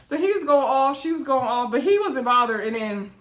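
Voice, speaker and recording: A woman chatting casually to her viewers as she recaps a reality show, talking straight at them in a lively, animated way. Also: high voice, fairly quick. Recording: roomy echo.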